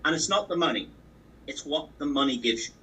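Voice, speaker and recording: A man's voice: a little high, expressive, fairly quick, sharp tone, distant mic, rough recording. A man giving a motivational training talk on a call, emphatic and repetitive, driving his points home with sports analogies. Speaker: business opportunity trainer. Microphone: call audio.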